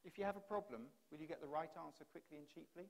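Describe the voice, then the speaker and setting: A man speaks from a conference stage in a fairly high voice, pressing his case through strings of rhetorical questions. He talks into a stage microphone, and the delivery is that of a practiced keynote speaker. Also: racing, vocal fry. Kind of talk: keynote speech. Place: conference hall.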